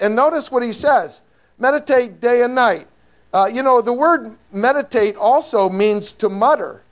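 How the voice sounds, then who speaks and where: Male pastor, middle-aged, high voice; lively conversational sermon, asks the congregation questions. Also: a little slow. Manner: animated, conversational preaching with rhetorical questions.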